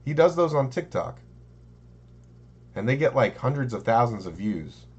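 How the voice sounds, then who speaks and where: A man's voice: medium pitch, big pitch swings, normal speed, a little mellow, husky, dull audio. A man co-hosting a podcast, rambling in casual chat with lots of "like" and "um". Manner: rambling, full of "like" and "um". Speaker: podcast co-host.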